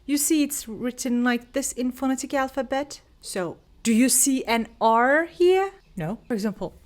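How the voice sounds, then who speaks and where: A young woman, an English teacher giving an unhurried pronunciation lesson to camera, explaining each word with example sentences. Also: sits high, lively intonation. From Turkey.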